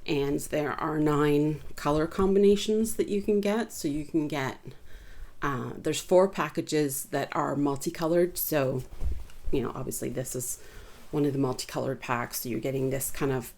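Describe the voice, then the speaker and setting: A woman's voice: sits low, moderate pace, a little mellow. A woman casually chatting through a review of items she bought, rambling a little with fillers and restarts. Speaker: vlogger reviewing purchases.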